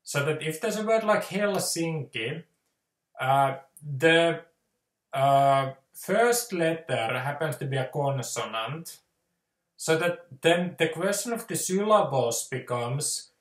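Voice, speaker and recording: Finnish man, language lesson, slow halting delivery, echoey room. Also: a little high, expressive. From Finland. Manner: hesitant, many fillers, explanatory. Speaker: language teacher. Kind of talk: casual spoken lesson.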